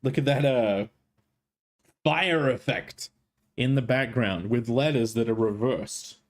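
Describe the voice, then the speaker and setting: Speaking slowly at a medium pitch, this streamer and host has a strained throat. His casual live-stream chat is playful and jokey, with plenty of swearing.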